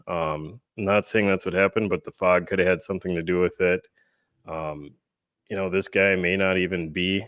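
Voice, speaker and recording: Deep-voiced guy on a ghost panel show, lots of ums, dry sound. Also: a bit bright, dry recording. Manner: hesitant, many ums. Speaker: paranormal investigator panelist. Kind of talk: casual panel chat.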